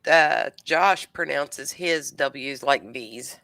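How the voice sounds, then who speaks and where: A woman's voice: rumbling low, very slow, creaky, fairly bright tone. A woman co-hosting a casual livestream, chiming in with short replies. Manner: brief backchannel replies.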